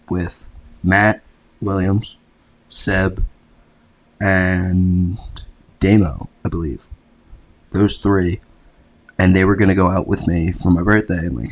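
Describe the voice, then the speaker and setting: A young man, a college athlete, telling a personal story to a podcast host in a relaxed, rambling way, swearing freely and filling with "like". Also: deep voice. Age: young adult. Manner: laid-back, rambling, swears freely, fills with "like". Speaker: podcast guest, college lacrosse player. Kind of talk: casual storytelling chat.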